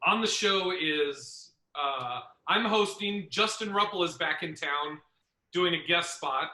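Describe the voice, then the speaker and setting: A man hosting a podcast, telling a comedy club story in a casual, profane, animated way. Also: on the high side, slow pace, echoey room, low-quality recording.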